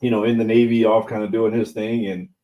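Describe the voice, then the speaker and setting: Mellow-voiced middle-aged man co-hosting. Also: fairly low pitch, level tone, a little fast, rough recording. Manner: emphatic, restarts phrases while building a point. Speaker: podcast co-host. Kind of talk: casual chat.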